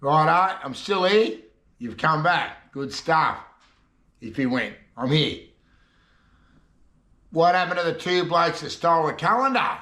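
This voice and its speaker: A man's voice: a little high, animated, measured pace, pauses often, sharp tone, echoey room. An Australian man telling jokes in a rambling, chatty way as a casual comedy vlogger. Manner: rambling, chatty joke delivery. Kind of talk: casual joke telling to camera. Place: shed.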